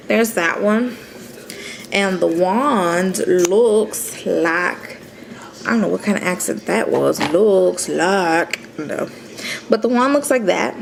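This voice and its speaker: Sassy chatty woman makeup vlogger. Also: mid-range voice. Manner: chatty, sassy, calls viewers honey. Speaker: beauty vlogger. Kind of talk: casual makeup tutorial. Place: home, seated in a chair.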